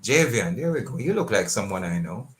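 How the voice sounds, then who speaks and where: A man with a Jamaican accent hosting a radio talk show, upbeat and lively, dropping in patois phrases. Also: on the low side, brisk. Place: radio studio.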